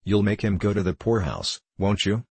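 A man's voice: on the low side, normal speed, gravelly, breathy edge, no echo. A man voicing a mean, scheming teenage son who wheedles his father. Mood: sly. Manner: sly, wheedling.

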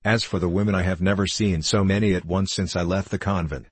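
A man with a husky voice reading a proud, impatient elder sister in a weary, reproachful manner. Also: low-pitched, fairly even intonation, fast, no room sound.

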